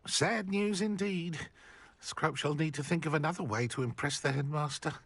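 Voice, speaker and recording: A man's voice: a little high, moderate pace, fairly bright tone, breathy edge, dry recording. An actor voicing a meek male house-elf servant who talks about himself in the third person, in a video game. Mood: wistful.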